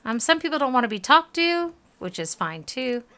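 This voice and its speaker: A woman with a Southern US accent streams a game in a casual, chatty way, reading the game's text aloud. Her voice is bright, with lively pitch swings, and she sounds tired. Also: moderate pace.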